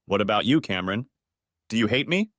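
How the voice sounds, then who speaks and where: A man's voice: lowish voice, animated, brisk, fairly bright tone, no room sound. A man reading the lines of a remorseful middle-aged ex-wife in a sad, pleading way, close to his own narrating voice.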